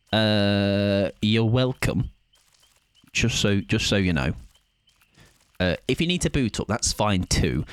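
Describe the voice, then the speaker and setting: A man's voice: medium pitch, dry recording. A man from southern England chatting casually to his viewers while streaming a game, joking at his own expense. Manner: chatty, self-deprecating, quick asides to chat. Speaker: gaming streamer. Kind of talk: casual live-stream chat.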